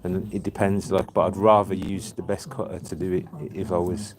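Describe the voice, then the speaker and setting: A man's voice: sits low, flat delivery, fairly quick, a crowd in the background. A man, a tailor and shirtmaker, chatting casually and telling a rambling story with many fillers. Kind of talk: casual chat.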